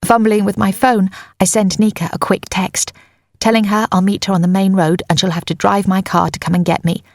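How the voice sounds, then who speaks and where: Husky, gravelly woman narrating a thriller. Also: medium pitch, little pitch movement, a little fast, dry recording, studio quality. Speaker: audiobook narrator. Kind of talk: first-person scripted narration.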